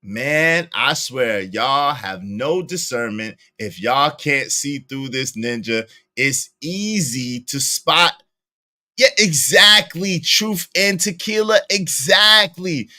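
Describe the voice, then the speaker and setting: A young man with a Brooklyn accent, giving slangy, animated live-stream commentary and laughing often. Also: a little high, slow pace, no room sound. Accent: Brooklyn New York. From Brooklyn, New York. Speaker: streamer reacting to a show.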